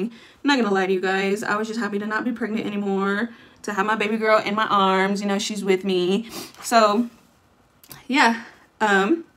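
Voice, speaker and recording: A woman's voice: mid-range voice, a bit bright. A young adult woman vlogging, telling a long story in a chatty way, full of fillers and acted-out quotes. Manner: chatty, lots of fillers, acts out what people said. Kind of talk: casual storytelling.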